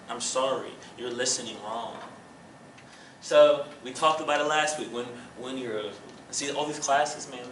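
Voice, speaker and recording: A man's voice: on the high side, slight background noise. A man teaching a relationship class at church, acting out examples with humor. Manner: animated, acts out examples with jokes and laughter. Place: church room. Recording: echoey room mic from a distance.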